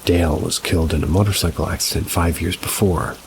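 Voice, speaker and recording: A man calmly narrating reader-submitted paranormal stories, adding brief asides of his own. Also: low-pitched, a little fast, creaky, background noise. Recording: rain sounds mixed behind the voice. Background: steady rain ambience.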